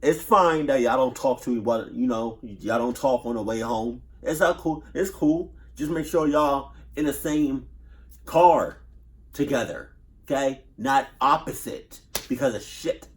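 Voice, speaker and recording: A man's voice: mid-range voice, measured pace. A man doing casual reaction commentary, nervous, profane and rambling, repeating himself as he stutters over his words. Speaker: reaction youtuber.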